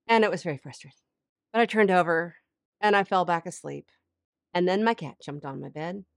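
Chatty Christian coach, dry close sound. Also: female voice, medium pitch, dry recording. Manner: chatty, animated storytelling with many "like"s. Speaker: Christian life coach and podcast host. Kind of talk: casual faith podcast monologue.

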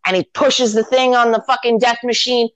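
Animated, swearing woman retelling a film. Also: fairly high pitch, a little fast, dry recording. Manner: animated storytelling with acted-out quotes and swearing. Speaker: podcast host. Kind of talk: casual chat retelling a film.

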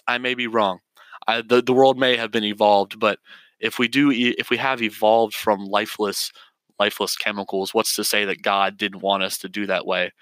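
Earnest young man, bright dry voice. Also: on the low side, no echo. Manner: earnest, argumentative, with frequent restarts and stumbles. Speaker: podcast host. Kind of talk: scripted solo podcast monologue.

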